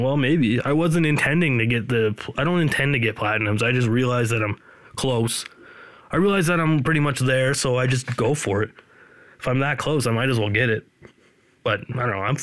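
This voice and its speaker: A man from Canada, hosting a podcast in a rambling, deadpan, self-deprecating way. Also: medium pitch, no echo. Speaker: podcast host. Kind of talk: casual solo podcast monologue.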